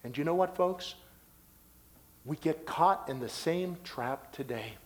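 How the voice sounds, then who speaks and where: A man preaching a sermon as pastor of his church. He delivers loud declarations and drops into hushed asides. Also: a little high, expressive, slow pace.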